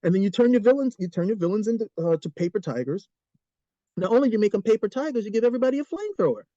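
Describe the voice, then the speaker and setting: A man co-hosting a podcast, talking in an animated, opinionated way with frequent restarts. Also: high voice, rapid-fire, dry recording. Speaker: podcast co-host. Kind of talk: casual chat. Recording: dull lo-fi recording.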